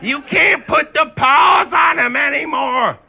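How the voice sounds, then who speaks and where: A man squawking as a shrill older mother. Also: slow, creaky, heavily acted. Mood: scolding. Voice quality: squawking crow-like shriek. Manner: scolding, shouting. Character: shrieking mother, older woman, easily upset.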